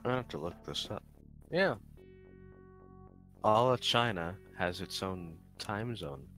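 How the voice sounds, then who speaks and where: A man's voice: sits low, expressive, takes it slowly, sharp tone, faint music behind. A man from the United States chatting casually on a stream in a laid-back, joking way. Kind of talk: casual chat.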